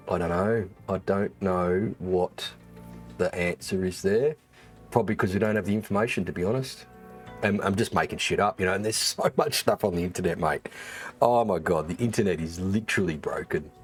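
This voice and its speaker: Deep-voiced Australian man, rambling chat. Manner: rambling, swears freely, many fillers and restarts. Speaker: streamer and former race engineer. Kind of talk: casual livestream chat.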